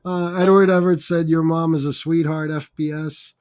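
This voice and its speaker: A man's voice: a little high, level tone, moderate pace, a little mellow. A man hosting a casual chat with his mother, reading viewer comments aloud in a profane, hesitant way and getting choked up. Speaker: channel host.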